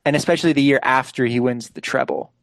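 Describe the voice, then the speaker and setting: A young man in casual sports chat on a podcast, relaxed and filling his talk with "like". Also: medium pitch, quick pace, dry recording. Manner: relaxed, leans heavily on "like" fillers. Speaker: podcast co-host.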